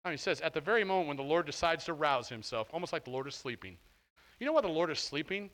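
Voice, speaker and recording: Lively, bright-voiced male pastor preaching. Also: fairly high pitch, fast, low-quality recording. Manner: conversational, animated, acts out quoted voices. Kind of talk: sermon.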